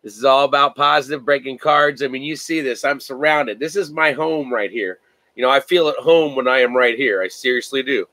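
A man's voice: mid-range voice, brisk, sharp tone, dry recording, rough recording. A man hosting a card-breaking livestream from home, chatting casually and rambling with many fillers and restarts.

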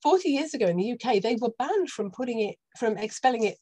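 A woman's voice: a little high, lively intonation, fast talker, dark tone, husky. British woman doctor explaining on a podcast. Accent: British English. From United Kingdom. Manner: explanatory, with dry sarcasm. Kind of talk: podcast interview.

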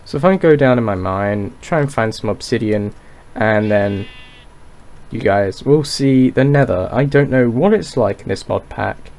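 Man, low gravelly voice, unhurried game commentary, rambling, self-mocking, faint keyboard clicks. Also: lively intonation, a little mellow. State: dry throat. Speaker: gaming YouTuber. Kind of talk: Minecraft let's play commentary.

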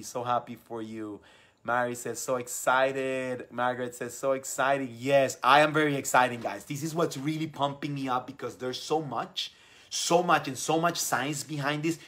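A young adult man hosting a live stream, reading out viewer comments and talking with effusive, enthusiastic warmth. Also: medium pitch. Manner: enthusiastic, effusive, repeats words. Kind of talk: casual live stream talk.

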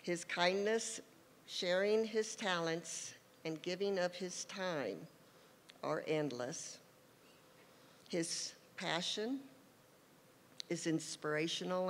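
A woman speaks slowly in a heartfelt, halting tribute, with a slightly low voice. Long hall reverb and faint background noise surround her. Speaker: inductee's wife giving a tribute. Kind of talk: award tribute speech. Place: large hall at an award show.

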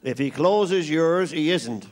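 A man's voice: on the high side, animated, slow pace, background noise. Irish man telling stand-up jokes. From Ireland. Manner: rambling joke teller, playing all the characters himself. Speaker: stand-up comedian.

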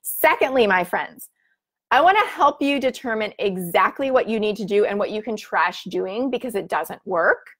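A woman in her thirties hosts a casual live broadcast. She talks in a bubbly, chatty way, reading viewer comments aloud. Her speech is full of fillers, and her voice sits at an average pitch for a woman. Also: lively intonation, moderate pace, fairly bright tone. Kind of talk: casual live-stream chat.

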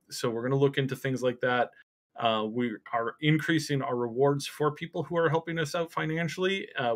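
A man hosting a casual gaming podcast, rambling with many fillers and restarts. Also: medium pitch. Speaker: podcast host.

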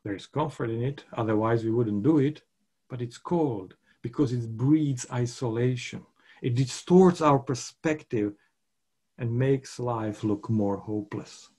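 A man's voice: medium pitch, a little slow, dark tone, husky. A man preaching a sermon in an emphatic way, repeating his key points.

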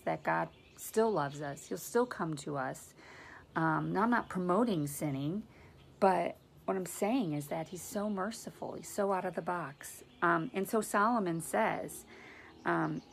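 A woman's voice: on the low side, moderate pace, gravelly, a little hiss or hum. A woman hosting a faith video, casually teaching about dreams and reading scripture aloud in an earnest, conversational way.

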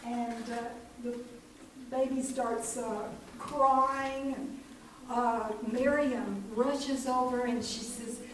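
Woman, slightly high voice, slow gentle children's storyteller, echoey church from afar with noise. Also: steady tone. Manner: gentle, hesitant with many fillers. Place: church sanctuary. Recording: echoey church recorded from far off, noisy.

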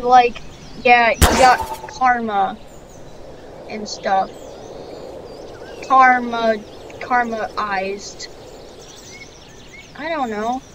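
Woman, improvised story narration, rambling, distracted, higher voice, heavy background noise. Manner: rambling, distracted, many fillers.

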